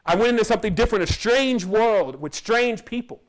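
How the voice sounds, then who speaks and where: High-voiced man telling his story. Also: a little fast. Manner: animated, acts out quoted dialogue. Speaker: spiritual teacher. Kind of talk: casual storytelling monologue. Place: Costa Rica.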